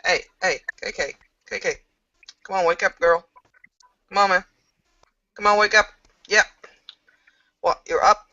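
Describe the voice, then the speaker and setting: A man's voice: high-pitched, sharp tone, no room sound, distant mic, muffled recording, voice pushed up, exaggerated voice. A woman playing a fretful, wheedling young man. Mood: coaxing. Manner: coaxing, fast and fretful.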